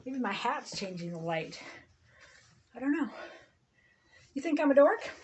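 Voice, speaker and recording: Woman, high voice, rambling spiritual monologue to camera, blunt and profane. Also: big pitch swings, a little slow, long pauses, slightly rough. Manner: rambling, blunt, swearing, acts out quoted people. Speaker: spiritual vlogger.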